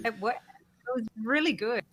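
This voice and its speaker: An Australian woman guesting on a chat show, telling stories in an animated way with lots of fillers. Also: on the high side, normal speed. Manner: animated storyteller with fillers and laughs. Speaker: guest, former reality show housemate. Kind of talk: casual chat.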